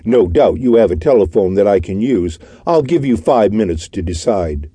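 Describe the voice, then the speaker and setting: A man's voice: lowish voice, expressive, normal speed, warm tone, breathy edge, dry recording. A man voicing a stern, suave detective who speaks in a commanding, contemptuous way in an audiobook.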